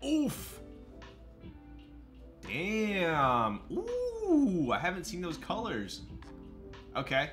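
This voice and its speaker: A man's voice: high-pitched, wildly swooping pitch, drawn-out words, long pauses, over music. A man chatting casually on a live stream, answering his viewers' questions as they come in. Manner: chatty, loose, reads and answers chat.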